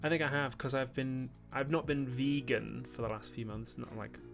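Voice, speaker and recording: A man's voice: medium pitch, steady tone, normal speed, vocal fry, over music. Rambling Geordie man on a livestream. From Newcastle, northern England. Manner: rambling, many fillers and restarts, bursts of mock outrage. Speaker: YouTube host on a livestream. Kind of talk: casual live-stream chat reading super chats.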